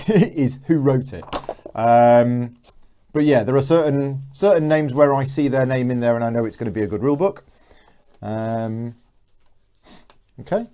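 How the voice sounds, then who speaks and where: A man's voice: medium pitch, warm tone, slight background noise. A man hosting a live board game unboxing, chatting casually and reading out viewer comments as he goes. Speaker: board game channel host.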